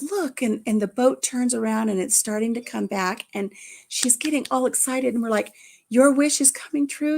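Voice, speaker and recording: A middle-aged woman hosting a casual chat, telling a family story in an animated way and acting out the voices. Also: a little high, vocal fry. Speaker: host.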